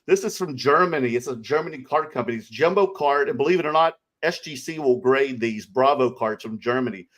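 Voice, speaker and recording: A middle-aged man with a Southern US accent, co-hosting a casual card collecting livestream, greeting viewers with loud sing-song shout-outs. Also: mid-range voice, brisk, few pauses. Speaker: co-host of a card collecting show.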